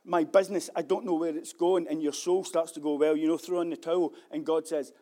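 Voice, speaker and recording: High-voiced preacher, fervent. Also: male voice, steady tone, a little fast, few pauses. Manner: swings from loud fervent preaching to low quiet reflection; acts out quoted voices and repeats key phrases. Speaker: pastor. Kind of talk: sermon.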